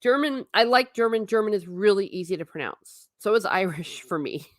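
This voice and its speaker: A woman's voice: medium pitch, lively intonation, normal speed, no echo, clean studio sound. A woman from the United States hosting a casual livestream, chatting and rambling, reading viewer comments aloud and laughing often. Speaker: livestream host reading chat.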